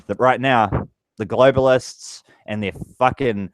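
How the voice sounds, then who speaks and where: A man's voice: mid-range voice, fairly even intonation, measured pace, no echo, low-quality recording. A man vlogging a heated, profane political rant straight to his viewers. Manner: angry, profane ranting.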